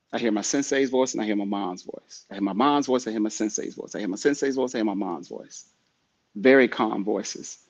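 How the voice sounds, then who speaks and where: A man's voice: on the low side, lo-fi sound. A man hosting a podcast who talks in a preachy, repetitive way and urges the listener directly. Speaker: podcast host. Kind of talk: motivational podcast talk.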